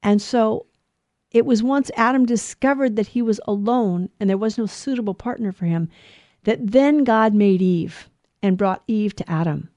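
A woman's voice: mid-range voice, moderate pace, mellow, dry recording. A woman giving a scripture talk, telling Bible stories and acting out the characters' lines with light laughs between points. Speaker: Bible teacher.

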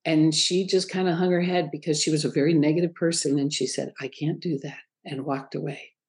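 Woman, middle-aged, guest author, animated storyteller, slightly low voice, mimics others in a high pitch. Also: a little fast. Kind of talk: storytelling interview talk.

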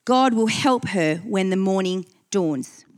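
A woman preaching with earnest emphasis, reading scripture aloud and repeating key phrases. She takes her time, letting each line land at an unhurried pace, her voice sitting in a mid range. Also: medium pitch, animated. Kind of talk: sermon.

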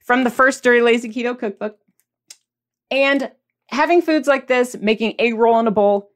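A woman hosting a podcast in a casual, animated and emphatic monologue. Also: fairly high pitch, normal speed. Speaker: podcast host.

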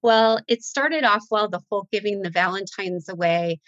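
A middle-aged woman shares a family story with heartfelt candor and bursts of laughter. Her voice sits at a medium pitch, recorded close and dry. The sound is slightly dull. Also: normal speed, fairly bright tone, no echo. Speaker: guest author. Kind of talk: emotional faith conversation.

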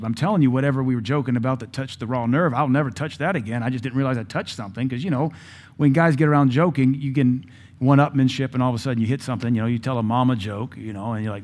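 A man's voice: mid-range voice, quick pace, a little mellow. Guy preaching, chatty storytelling, reads old-style bible verses. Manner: quotes scripture in old English. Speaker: pastor. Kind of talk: sermon.

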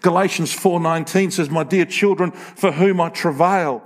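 An older man preaching with a husky, slightly breathy edge to his voice. He sits a little high for a man and tells his message in a folksy, emphatic way, often circling back and restarting mid-phrase. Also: normal speed. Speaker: pastor. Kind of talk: sermon.

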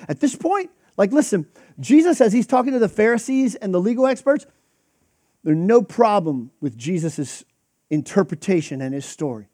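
A man's voice: sits high, a little mellow, no echo, clean studio sound. A man preaching a sermon in a conversational, emphatic way, acting out quoted reactions. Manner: conversational, emphatic, with frequent restarts and quoted asides.

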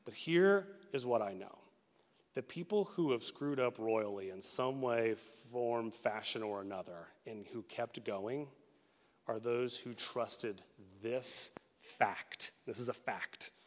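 Man in his thirties, pastor, casual lively sermon, reverberant church hall. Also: medium pitch. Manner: casual, animated preaching with quick acted quotes. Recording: long reverb of a large hall.

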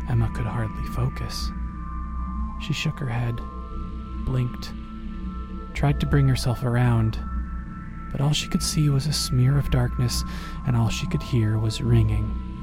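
Slow, measured male horror narrator. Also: mid-range voice, steady tone, loud music behind the voice. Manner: slow, measured, dropping to whispers.

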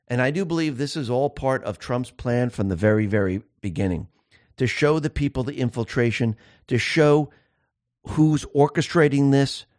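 A man's voice: mid-range voice, darkish tone. A man hosting a solo political commentary, firing off rhetorical questions and repeating points for emphasis, reading passages aloud. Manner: reads quoted passages aloud.

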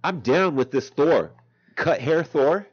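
A man's voice: a little high, expressive, takes it slowly, slightly rough. A man in casual chat, bantering in a laid-back, slangy way. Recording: muffled lo-fi recording.

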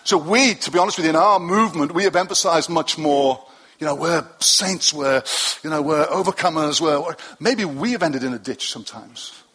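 A man's voice: on the high side, normal speed, bright, forceful tone, breathy edge. A middle-aged male pastor preaching to his congregation in a loose, conversational way, with asides and self-deprecating jokes. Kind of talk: sermon. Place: church hall with a congregation.

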